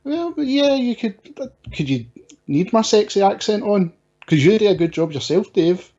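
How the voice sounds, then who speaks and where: A man's voice: high voice, lively intonation, normal speed, darkish tone. A man phoning into a live show, joking in an easygoing way. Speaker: caller. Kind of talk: casual phone-in chat. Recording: dull lo-fi call audio.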